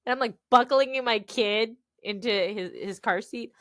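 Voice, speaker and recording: A woman in her thirties from the United States, an author telling stories as a guest on a podcast interview in an animated, expressive way. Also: on the high side, moderate pace, no echo, clean studio sound.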